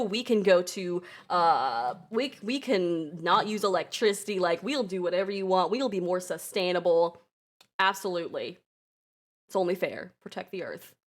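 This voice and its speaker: A woman narrating a tabletop game as game master, giggling and laughing often. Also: fairly low pitch.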